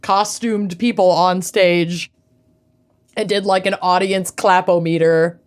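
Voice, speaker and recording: A woman co-hosting a podcast, relaxed and agreeable, often chiming in. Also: fairly low pitch, slow pace, clean tone. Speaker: podcast co-host. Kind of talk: casual chat.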